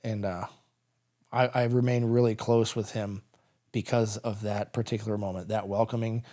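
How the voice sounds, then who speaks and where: A middle-aged American man, a guest on a podcast, recounting a combat story in halting speech full of fillers and restarts. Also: fairly low pitch, level tone, warm tone.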